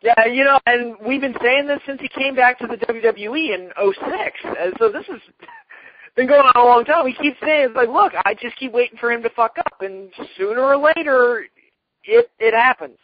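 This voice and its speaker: A man's voice: very high-pitched, normal speed, slight background noise. A man hosting a casual wrestling talk show, speaking in a chatty, agreeable way. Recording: dull lo-fi dry recording.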